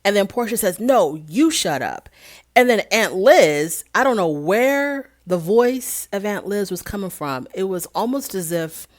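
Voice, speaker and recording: A woman hosting a casual recap monologue, walking through a chaotic scene step by step. Her pitch swings widely as she tells it, and she slips into acting out what each person said. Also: a little slow, hardly any pauses. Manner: animated storytelling, acts out quotes. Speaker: reality TV recap host.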